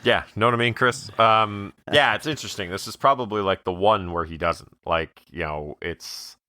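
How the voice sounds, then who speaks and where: A man's voice: on the low side, normal speed, bright, forceful tone, no echo. A man co-hosting a casual podcast, talking about a film in a dry, matter-of-fact way with many ums. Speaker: podcast co-host. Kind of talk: casual movie review chat.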